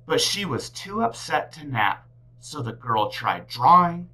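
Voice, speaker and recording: A woman teacher reading a picture book aloud to children, with big expressive swings in her delivery. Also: low-pitched, slow pace, poor audio. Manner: animated, big swings for characters.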